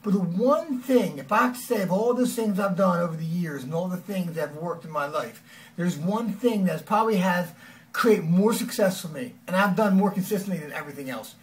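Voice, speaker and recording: Energetic male life coach, distant mic. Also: sits high, a little fast. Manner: energetic, conversational, acts out quotes. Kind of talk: motivational talk to camera.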